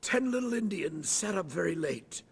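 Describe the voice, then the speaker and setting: A man voicing a schoolboy actor playing a British gentleman, in a deliberately bad put-on British accent with an affected, overly proper reading. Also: high voice, lively intonation, creaky, husky, voice pushed up, exaggerated voice. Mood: pompous. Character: stiff teen boy as British gentleman.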